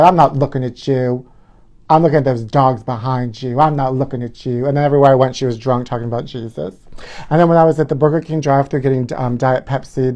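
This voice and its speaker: A man's voice: mid-range voice, darkish tone. Campy gossiping man hosting alone. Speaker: host of a live gossip show. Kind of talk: solo livestream chat. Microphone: phone camera filming himself.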